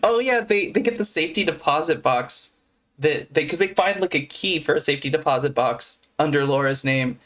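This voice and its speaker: A man with a fairly high voice chats loosely on a podcast from his home mic. He giggles often and piles on "like" as he retells things. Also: expressive, brisk, fairly bright tone. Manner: rambling and giggly, full of "like". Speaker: podcast co-host. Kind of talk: casual podcast chat. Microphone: own mic, muting at times.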